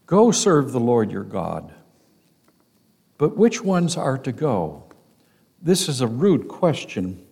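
Slow, emphatic male Bible teacher. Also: medium pitch, mellow. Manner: emphatic, slow and deliberate, stressing key words. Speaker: pastor.

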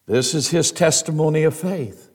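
A man preaching a sermon in a slow, earnest way, often repeating words as he goes. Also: a little high, husky.

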